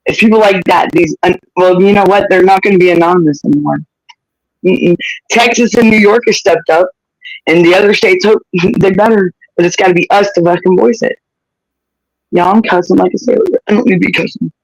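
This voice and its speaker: A man's voice: high voice, a little fast, no room sound, low-quality recording. A man hosting a livestream, talking in a passionate, blunt rant and cussing freely. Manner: impassioned, blunt, cusses freely. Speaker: livestream host.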